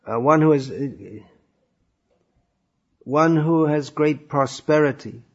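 A man teaching a lecture on scripture, thoughtful and pausing often with fillers, on a dull lo-fi recording. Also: a little high. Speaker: religious teacher.

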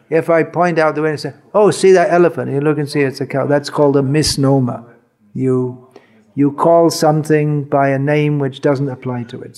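A spiritual teacher gives an informal lecture to an audience, speaking slowly and conversationally with wry humor and everyday illustrative examples. His voice is on the high side with a darkish tone.

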